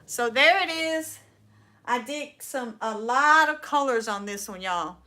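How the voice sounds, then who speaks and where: A bright, fairly high-voiced woman with a Southern US accent chats through a crafting livestream. She talks in a folksy, rambling way and says "y'all" often. She trails off and restarts her sentences as she works. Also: animated, unhurried. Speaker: furniture upcycling livestream host. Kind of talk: casual livestream chat.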